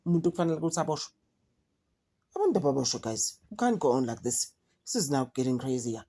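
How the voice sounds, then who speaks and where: South African woman vlogger, low warm voice, exasperated and animated commentary. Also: fast. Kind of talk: casual commentary mixing English and Zulu.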